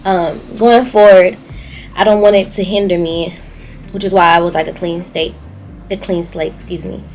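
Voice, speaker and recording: A woman's voice: lowish voice, steady tone, normal speed, darkish tone, soft background music, poor audio. A young woman with a Southern US accent, talking candidly to her viewers in a personal video diary. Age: young adult. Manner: candid, emotional, speaking to viewers. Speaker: YouTuber.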